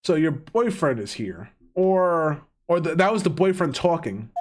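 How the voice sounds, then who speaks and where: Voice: medium pitch, very animated, measured pace, hardly any pauses, a little hiss or hum. A streamer casually commenting on a game and reading its dialogue aloud in a jokey manner, swearing often. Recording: game music playing behind.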